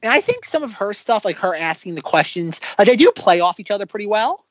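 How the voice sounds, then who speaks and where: A man's voice: high-pitched, big pitch swings, a little fast, dry recording, dull audio. A man co-hosting a podcast in casual chat, rambling with plenty of fillers. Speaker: podcast co-host.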